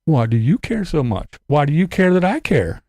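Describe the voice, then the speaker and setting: A man's voice: fairly high pitch, sing-song, moderate pace, a little mellow, no room sound. A man hosting a livestream, ranting in profane, mocking commentary and laughing often. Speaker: livestream host.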